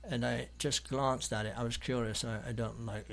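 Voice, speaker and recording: A man's voice: mid-range voice, fairly even intonation, normal speed, vocal fry. Rambling English man telling stories. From London, England. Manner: rambling, hesitant, full of ums and restarts. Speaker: artist guest. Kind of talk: anecdotal storytelling in an interview.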